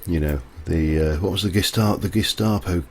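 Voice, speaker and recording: Deep-voiced and moderately paced, a male livestreamer chats loosely while playing. His commentary is rambling and casual, and he keeps wandering off into tangents as he goes.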